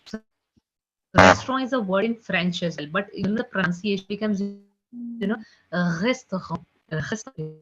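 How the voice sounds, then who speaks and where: A woman teaching an online French class, chatty with many "you know, like" fillers, drilling each sound slowly and repeating it. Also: mid-range voice, over music. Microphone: computer mic on a video call. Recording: slightly dull lo-fi call audio.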